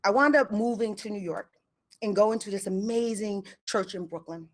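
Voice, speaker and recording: A woman telling a personal story on stage, with a middle-pitched voice. She talks in a lively, conversational way and slips into the voices of the people she quotes. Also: normal speed.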